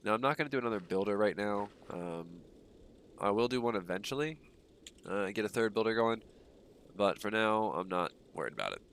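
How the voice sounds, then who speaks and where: A man's voice: lowish voice, a little fast, a little hiss or hum. A young man with a stuffy nose, rambling casually with lots of ums while he streams a game. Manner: relaxed, rambling, frequent ums and uhs. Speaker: gaming streamer. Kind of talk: casual livestream commentary while playing.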